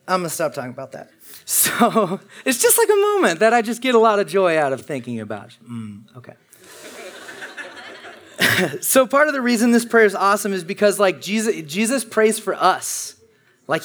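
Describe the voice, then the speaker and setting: Young male preacher, slightly high voice, casual and jokey, talks to the congregation like friends. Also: a bit bright. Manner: conversational and humorous, imitates congregants' murmurs. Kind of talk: casual sermon.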